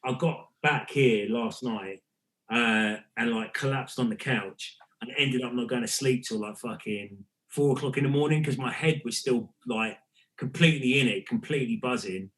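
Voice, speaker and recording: Husky-voiced casual man. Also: mid-range voice, normal speed, a bit bright, poor audio. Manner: rambling, swears casually. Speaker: podcast co-host. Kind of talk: casual storytelling.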